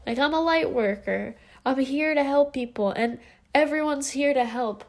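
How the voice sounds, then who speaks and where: Casting: woman, twenties, tearful confessional vlogger, slightly high voice with lots of vocal fry. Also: moderate pace. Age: 20s. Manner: heartfelt, rambling, full of fillers. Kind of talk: emotional confessional vlog.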